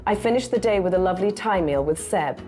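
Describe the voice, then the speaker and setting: A woman's voice: mid-range voice, lively intonation, fast talker, a little mellow, faint music behind. A woman reading a text message aloud, amused and laughing now and then as she reads.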